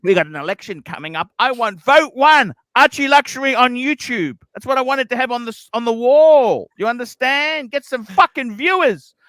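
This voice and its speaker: A man with a high, bright, ringing voice pours out grievances in a rambling livestream chat, swearing freely and feeling sorry for himself. The sound is dry and close, with no room around it. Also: expressive, normal speed, hardly any pauses, dry recording. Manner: complaining, swearing, self-pitying. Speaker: livestream host.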